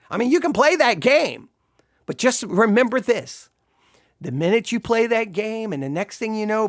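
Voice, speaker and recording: A man giving a sarcastic, exasperated commentary while reviewing a sermon, shifting between slow explanation and animated disbelief. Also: very high-pitched, no echo, clean studio sound. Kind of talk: video commentary.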